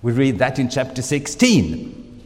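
A man with a German accent, a native German speaker, preaching a sermon in slow, deliberate phrases with pauses and fillers. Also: mid-range voice, sing-song, in a large hall.

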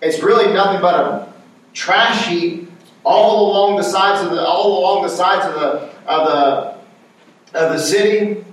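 Southern pastor preaching in an echoey church. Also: male voice, high-pitched, unhurried. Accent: Southern American. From North Carolina. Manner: emphatic, calls for amens. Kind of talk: sermon. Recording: echoey room, mic from a distance.

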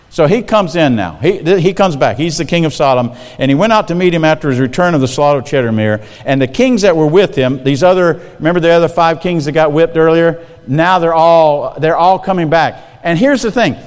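Male preacher, fairly high voice, lively, talks to the room, long hall reverb. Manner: animated, talks straight to the audience with questions. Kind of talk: sermon.

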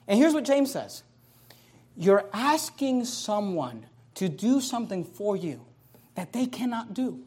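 Man, pastor, high-pitched, sermon, impassioned, repetitive cadence. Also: expressive, a little slow, breathy edge. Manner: impassioned, rising to loud emphatic peaks.

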